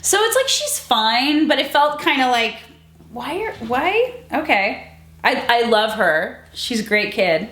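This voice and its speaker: A young adult woman co-hosting a movie review show, talking casually, full of fillers and quick restarts. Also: fairly high pitch, big pitch swings, fairly bright tone. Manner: chatty, peppered with fillers and restarts. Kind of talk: casual chat. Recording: roomy echoey room.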